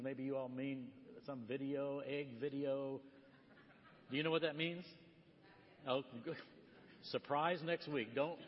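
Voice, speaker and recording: Preacher in a reverberant sanctuary. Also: male voice, a little high. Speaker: guest preacher. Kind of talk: sermon. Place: church sanctuary. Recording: long hall reverb, dull lo-fi sound.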